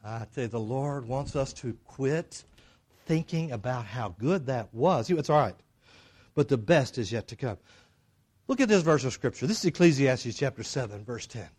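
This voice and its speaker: A middle-aged man preaching a sermon, swinging from loud, emphatic declarations to low, hushed drama. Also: lively intonation, moderate pace. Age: middle-aged or older.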